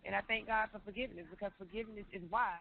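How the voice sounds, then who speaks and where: A woman's voice: medium pitch, fairly even intonation, very fast, vocal fry. A woman in her forties sharing her personal testimony as an interview guest, telling her story with emotion and repeating phrases. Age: 40s. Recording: tinny phone-line sound, faint noise.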